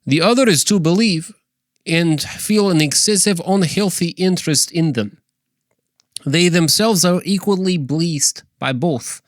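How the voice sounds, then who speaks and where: A man's voice: fairly high pitch, unhurried, no echo, studio quality, pitched above the performer's own voice, natural voice. A man doing a thick Russian reader. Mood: comic. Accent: put-on Russian. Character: heavy-accented Russian male reader.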